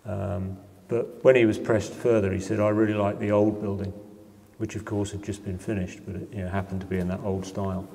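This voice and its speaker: A middle-aged man with a somewhat low voice speaks to an audience in a lecture hall, his words trailing into a long reverb. He talks informally and conversationally as a developer explaining his work, leaning on "you know" and small hesitations. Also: little pitch movement, a little fast, gravelly, warm tone. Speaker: property developer giving a public lecture.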